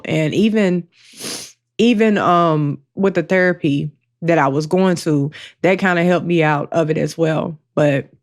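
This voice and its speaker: Emotional woman opening up on a podcast. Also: fairly low pitch. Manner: emotional, open, slow and halting. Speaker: podcast co-host. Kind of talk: candid personal talk.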